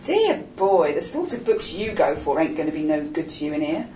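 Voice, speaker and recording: A woman's voice: sits low, sing-song, moderate pace, warm tone, a little hiss or hum. A woman voicing a streetwise older man, cheeky, coaxing and full of slang, in a storybook reading. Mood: mocking. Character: streetwise older gay man, wry and bossy. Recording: roomy echo, distant mic.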